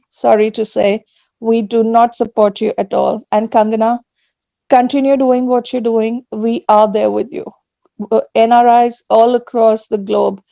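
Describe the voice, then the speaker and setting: A woman's voice: on the high side, vocal fry, warm tone, no room sound. Earnest woman on a muffled video call. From Australia. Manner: earnest, emotional, pausing. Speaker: online rally speaker. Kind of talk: emotional public statement. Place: home at night.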